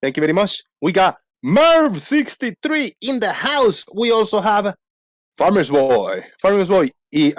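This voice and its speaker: A man hosting a casual livestream, rambling playfully and reading out shout-outs to viewers. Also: fairly high pitch, no echo, clean studio sound. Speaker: livestream host. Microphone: desk microphone.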